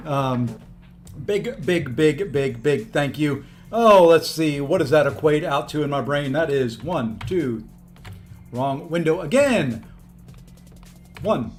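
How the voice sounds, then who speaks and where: Upbeat man streaming a game, higher voice. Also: animated, slow, faint music behind. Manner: upbeat, thanking viewers by name as he plays. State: tired. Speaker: live-streaming gamer. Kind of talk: casual live-stream chat.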